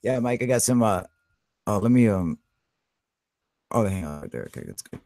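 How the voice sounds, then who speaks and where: A man's voice: fairly low pitch, animated, normal speed, a little mellow, no echo, clean studio sound. A man hosting a live stream in loose, heavily profane casual chat, talking through what he is doing on his computer.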